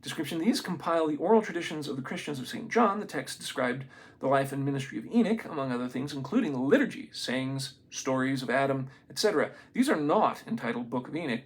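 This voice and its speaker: Gravelly-voiced man reading aloud casually. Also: a little high. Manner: reads haltingly, stumbles on names, adds excited asides. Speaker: amateur reader of a book.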